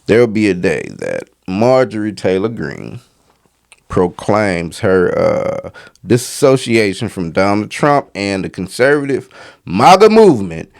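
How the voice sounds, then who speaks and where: A man holds forth in a loose, rambling commentary, his voice gravelly and full of fry. His pitch rises and falls freely as he circles back on his points and chats with the listener. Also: sing-song, measured pace. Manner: rambling, conversational, frequent fillers and asides. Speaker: commentary channel host. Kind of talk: casual commentary monologue.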